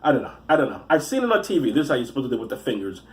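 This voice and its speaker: A man giving profane comic commentary on news stories, rambling and halting, with frequent restarts and asides. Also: mid-range voice, very animated. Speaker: comedian reading the news.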